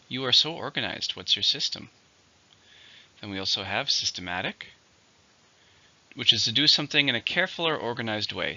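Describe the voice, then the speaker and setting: A man teaching English vocabulary slowly and carefully, counting syllables and marking stress. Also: lowish voice, bright, forceful tone, muffled recording. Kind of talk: vocabulary lesson.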